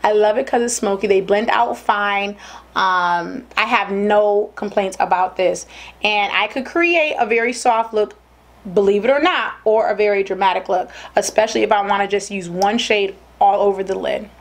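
A woman beauty vlogger in a casual product review, gushing and excitable, rambling and correcting herself as she talks. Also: mid-range voice, normal speed.

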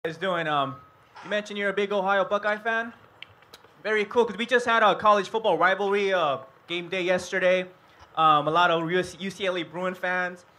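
Male stand-up, high bright voice, deadpan measured delivery. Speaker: stand-up comedian. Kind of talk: stand-up set. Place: comedy club stage.

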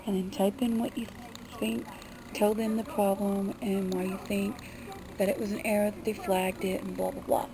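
A woman's voice: medium pitch, little pitch movement, moderate pace, crowd noise. A young woman vlogger talking bluntly and defensively, swearing freely in a casual rant. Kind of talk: casual ranting vlog.

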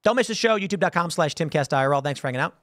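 A man's voice: a little high, lively intonation, racing, fairly bright tone, no room sound, clean studio sound. A man hosting a commentary show, talking off the cuff in a casual monologue and often restarting and repeating words as he goes.

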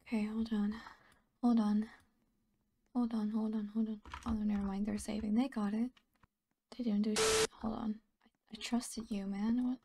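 A woman's voice: medium pitch, flat delivery, normal speed, pauses often, warm tone, slight background noise. A tired woman giving casual gameplay commentary, often half-whispering and mumbling to herself. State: sleepy and tired. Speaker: gaming channel host.

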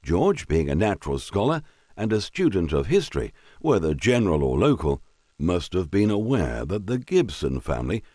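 A man narrating a historical story in a measured, expressive storytelling manner. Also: deep voice, no room sound, clean studio sound.

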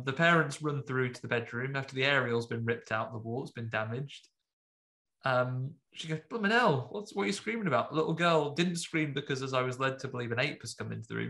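Gravelly-voiced man chatting films. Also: mid-range voice, a bit bright. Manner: rambling, filler-heavy, jokey. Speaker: podcast host. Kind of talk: casual film review chat.

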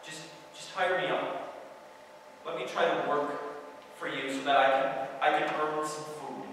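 A man's voice: fairly high pitch, little pitch movement, unhurried, noisy background, close to an everyday voice. A man voicing an ashamed, desperate young son who begs his father, recorded from a distance in an echoey church hall. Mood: pleading. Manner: pleading and begging.

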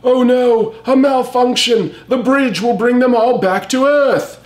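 A man's voice: very high-pitched, measured pace, darkish tone, echoey room, pitched above the performer's own voice. A man voicing a panicky robot scientist from a cartoon-style comic, crying out in alarm. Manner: alarmed, frantic exclamations.

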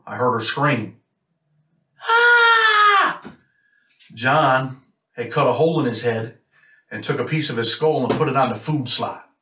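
In an echoey room with the microphone a bit far off, a man from Rochester, New York, tells a casual story. He once served time, and his delivery is blunt and matter-of-fact. His voice is a bit bright and medium-pitched.

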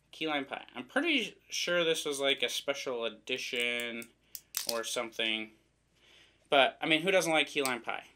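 A man's voice: mid-range voice, bright, forceful tone. A man from the American Midwest giving a casual, rambling unboxing commentary, joking and poking fun at himself as he goes. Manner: rambling, joking, self-deprecating. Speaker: vlogger reviewing products.

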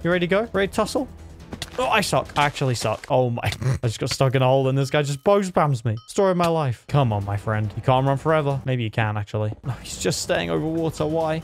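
A young man giving excited live commentary while he plays a video game. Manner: excitable, pitch jumps sharply in tense fights. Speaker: gaming streamer.

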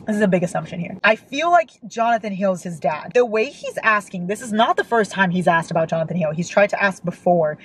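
A woman's voice: mid-range voice, lively intonation, brisk, hardly any pauses, slight background noise, poor audio. A young woman reading a novel aloud and reacting with emotional outbursts, as a book vlogger.

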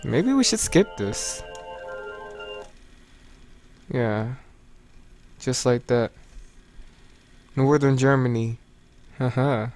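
A young man casually narrating a let's play, jokey and slangy. His voice sits at an ordinary mid pitch. Game music plays faintly behind him. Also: very animated, takes it slowly, pauses often, darkish tone. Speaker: gamer.

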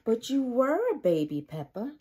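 Woman reading as a gentle mother pig. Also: a little high, big pitch swings, normal speed, breathy edge.

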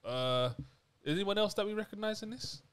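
A man's voice: high voice, animated, a little fast, fairly bright tone, clean tone. A man co-hosting a film review podcast, easygoing and hesitant in casual chat. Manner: easygoing, hesitant with many ums.

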